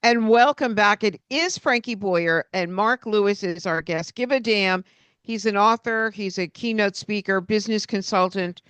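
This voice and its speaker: A woman's voice: medium pitch, moderate pace, a bit bright, clean tone, dry recording. A woman hosting a radio interview, asking questions and introducing her guest. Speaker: radio host.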